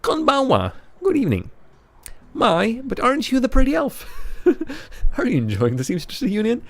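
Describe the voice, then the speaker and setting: A man's voice: very high-pitched, wildly swooping pitch, normal speed, voice pushed up, heavily acted. A man putting on a teasing, lilting woman club owner. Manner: raised, lilting, teasing delivery.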